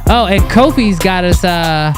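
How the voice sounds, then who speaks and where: A man's voice: high-pitched, animated, unhurried, music in the background. A man hosting a casual livestream panel, teasing his guests and reading out chat messages. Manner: teasing, playful, hypes the chat. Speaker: livestream host.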